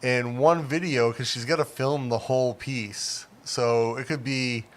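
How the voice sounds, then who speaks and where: A man's voice: mid-range voice, steady tone, unhurried. A middle-aged man hosting a casual livestream, chatty and rambling, with many fillers. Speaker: livestream host.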